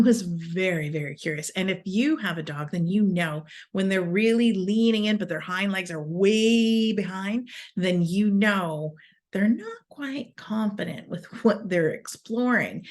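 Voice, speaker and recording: A woman's voice: mid-range voice, animated, a little slow, darkish tone. A woman in her forties telling casual stories. She rambles, laughs mid-sentence and breaks off into asides. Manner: self-correcting restarts and asides. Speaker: wellness speaker. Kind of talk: casual storytelling.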